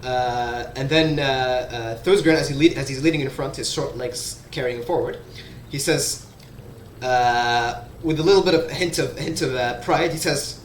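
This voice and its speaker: A man's voice: medium pitch, normal speed, a little hiss or hum. A man narrating as the game master of a tabletop game, hesitant and full of fillers. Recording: echoey room sound.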